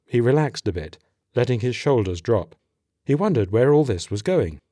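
A man narrating an audiobook in a steady, measured voice. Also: medium pitch, no room sound, clean studio sound.

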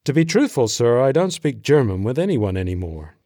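A man's voice: mid-range voice, big pitch swings, brisk, mellow, no room sound. A man voicing a tired, hungry young male corporal with a dry, guarded way of answering.

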